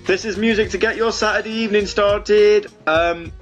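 A man's voice: high voice, steady tone, moderate pace, a bit bright, soft background music. Rambling man hosting online radio. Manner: rambling and self-mocking, full of fillers and restarts. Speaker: online radio show host. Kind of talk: casual chat with listeners between songs. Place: home room.

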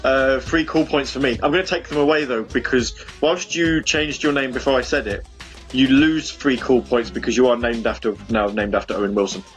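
A man's voice: medium pitch, fairly even intonation, a little fast. Young man, radio host, rambling, self-mocking, casual chat, faint music behind. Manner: rambling and self-mocking, full of fillers and restarts. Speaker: online radio show host. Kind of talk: casual chat with listeners between songs. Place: home room.

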